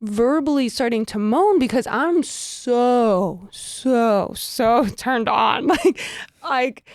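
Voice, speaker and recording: A woman co-hosting a candid, casual podcast chat, telling stories in an animated way, laughing often and filling with "like". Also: on the high side, takes it slowly, dry recording, studio quality. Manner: giggly, animated storyteller with many fillers. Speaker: podcast co-host.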